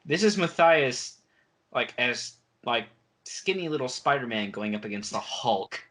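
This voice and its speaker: Male podcast co-host, chatty and animated, slips into character voices mid-recap. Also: mid-range voice, unhurried. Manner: animated, acts out characters' lines while recapping. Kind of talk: casual chat.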